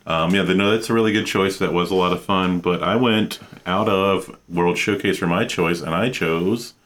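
A man's voice: deep voice, normal speed, a bit bright. A man co-hosting a casual chat in an easygoing way. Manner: easygoing, with short agreeing replies. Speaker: podcast co-host.

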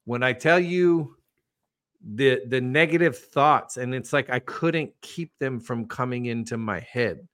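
A man's voice: mid-range voice, measured pace, a bit bright. A man hosting a podcast, talking earnestly and personally in casual faith talk. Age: adult with children. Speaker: podcast host.

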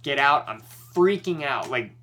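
A man's voice: mid-range voice, lively intonation, measured pace, a bit bright. A young man co-hosting a podcast, retelling a story in casual chat with lots of swearing and worked-up energy.

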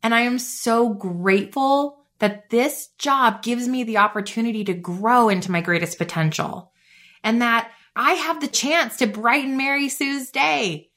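A woman's voice: a little high, measured pace, a bit bright. A woman hosting a faith-based motivational podcast, chatty and bubbly with lots of "like.". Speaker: podcast host.

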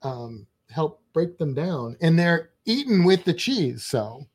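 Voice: mid-range voice, sing-song, slow pace, darkish tone, slightly rough. A co-host chatting casually on a charity livestream, rambling a little and reading viewer comments aloud with mild exclamations.

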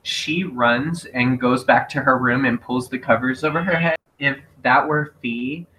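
A man co-hosting a podcast, recapping scenes in a lively way and laughing often. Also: mid-range voice, unhurried, a little hiss or hum, poor audio. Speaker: podcast co-host. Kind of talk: casual chat.

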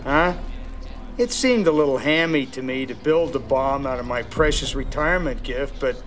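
An actor playing a retired bomber villain who taunts the hero in a smug, calm way. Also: male voice, medium pitch, normal speed, slight background noise, close to an everyday voice. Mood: taunting. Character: gloating older male bomber villain. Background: film score.

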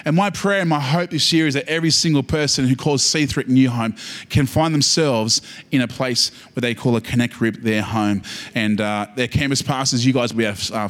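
A man with an Australian accent preaching a sermon, animated and humorous, building to emphatic peaks. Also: medium pitch. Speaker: pastor. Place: church service.

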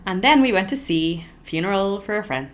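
A woman's voice: medium pitch, expressive, brisk. A woman, chatting casually as a podcast co-host and laughing often. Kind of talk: casual chat.

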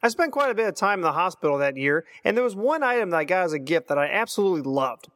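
A man's voice: high voice, sing-song, fast talker, a bit bright. A man in his thirties leaving a voicemail, reminiscing earnestly and reading passages aloud. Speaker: listener voicemail. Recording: long hall reverb.

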